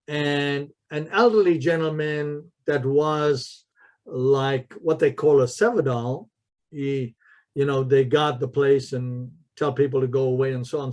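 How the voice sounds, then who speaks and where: A man with a fairly high, darkish voice speaks as a martial arts master and spiritual mentor. He tells stories in a podcast interview, emphatically repeating key phrases.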